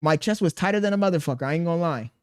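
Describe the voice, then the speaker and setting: Male streamer in his thirties, a touch high-pitched, reads chat and vents, defensive and exasperated. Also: lively intonation, very fast, clean tone. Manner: exasperated, defensive venting with slang. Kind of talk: live-stream chat reading.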